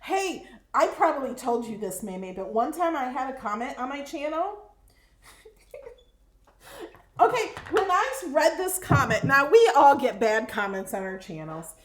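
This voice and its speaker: A woman hosts a live crafting stream, friendly and quick to laugh. Her voice sits high and moves lively. The room adds an echo. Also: a little hiss or hum. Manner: friendly, laughs easily while working. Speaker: host crafter.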